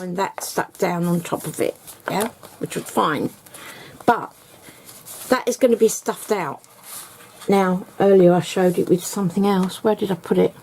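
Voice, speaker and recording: Chatty woman with a gravelly voice. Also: mid-range voice, a little mellow, a little hiss or hum. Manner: chatty, rambling, step-by-step explaining. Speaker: craft tutor. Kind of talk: casual craft tutorial.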